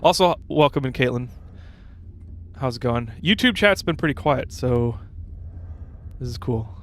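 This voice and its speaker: With a medium, expressive voice that's unhurried and slightly bright, this young man offers casual gameplay commentary while streaming. He rambles and chats, reads viewer messages aloud, and keeps dropping fillers and restarting.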